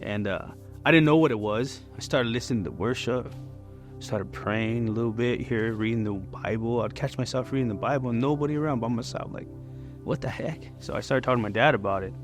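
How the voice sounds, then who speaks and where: A man's voice: mid-range voice, fairly quick, over music. A man in his forties giving a candid, conversational personal testimony at church. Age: 40s. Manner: candid and conversational, many fillers.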